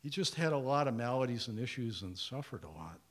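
An older male pastor preaching, his pitch swinging widely as he acts out the people in his stories. His voice sits at an ordinary middle pitch and moves from quiet asides to emphatic, rising lines. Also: brisk. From Indiana, USA. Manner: storytelling, acts out dialogue, lively pitch. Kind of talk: sermon.

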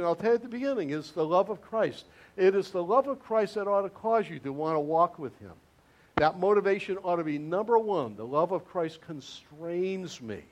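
Male pastor with a high voice, conversational sermon delivery that repeats key words for emphasis. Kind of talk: interactive sermon with congregation.

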